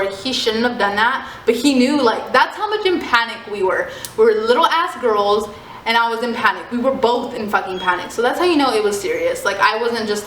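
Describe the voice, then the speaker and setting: A young woman telling a story in a casual vlog, animated and swearing, full of "like". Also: fairly high pitch. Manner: animated, swearing, heavy use of "like". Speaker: storyteller vlogger. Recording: echoey room, faint noise.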